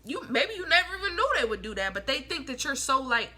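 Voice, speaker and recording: A woman's voice: sits high, sing-song, quick pace, bright, forceful tone. A young woman doing a casual tarot reading, chatty and blunt, full of slang and swearing, and she acts out the people she quotes. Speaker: tarot reader.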